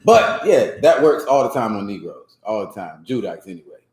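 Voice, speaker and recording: Brief: male class instructor, casual and animated, lively pitch swings, echoey room. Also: moderate pace. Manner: animated, laughing, mock voices. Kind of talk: casual teaching commentary.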